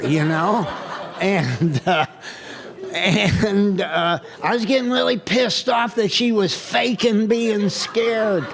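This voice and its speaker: Gravelly slow man telling his story. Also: on the high side, fairly bright tone. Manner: storytelling, self-mocking humor, candid. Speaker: guest speaker. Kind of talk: recovery meeting share. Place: retreat hall, recorded live.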